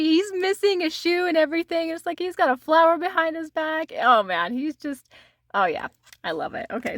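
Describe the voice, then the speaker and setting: A woman talks in a loose, chatty way, laughing often between remarks. Her voice sits a little high and sounds bright and forceful. It is recorded dry, with almost no room sound. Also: no room sound. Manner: giggly, laughs often while talking; chatty, many "like" fillers. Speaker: tarot vlogger. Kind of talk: casual show-and-tell chat.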